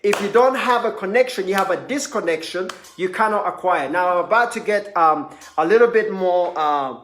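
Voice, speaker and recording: A man giving a motivational sermon, telling a story with rising intensity and shouting at the peaks. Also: sits high, normal speed, echoey room, slight background noise. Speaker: speaker.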